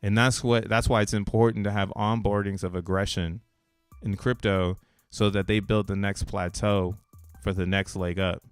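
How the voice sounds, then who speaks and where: A man's voice: lowish voice, flat delivery, normal speed, clear, resonant tone, no room sound, faint music behind. A man hosting a crypto channel who talks casually over a chart, slangy and rambling and laughing between points. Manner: rambling, restarts thoughts mid-sentence.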